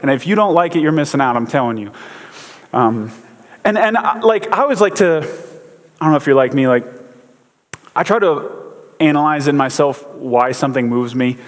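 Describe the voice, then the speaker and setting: A man's voice: a little high, moderate pace, long pauses. A man giving a casual sermon, a chatty, joking storyteller with lots of fillers. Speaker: pastor. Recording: long hall reverb.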